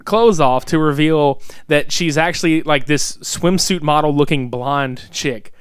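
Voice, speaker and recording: A man's voice: a little high, unhurried, smooth, no echo, studio quality. A man casually recapping a bad movie, exasperated, swearing and groaning a lot. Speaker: co-host reviewing a film.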